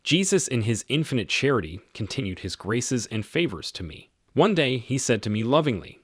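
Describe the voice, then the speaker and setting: A man reading aloud, in first person, the letters of a devout, suffering young woman mystic, in a solemn, low voice. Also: very animated, moderate pace, slightly rough, no room sound, studio quality.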